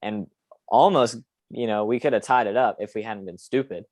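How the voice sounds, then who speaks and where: Low-voiced young man, dry close sound. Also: normal speed, a little mellow, no room sound. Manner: opinionated, rambling with frequent fillers. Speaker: podcast host. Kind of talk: casual sports podcast chat.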